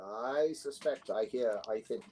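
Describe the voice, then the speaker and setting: An older English man with a London accent, a guest recalling stories in a relaxed, rambling way with many self-corrections. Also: mid-range voice, a little slow, a loud crowd, rough recording. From London, England. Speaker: guest, actor and musician. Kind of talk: relaxed conversational interview.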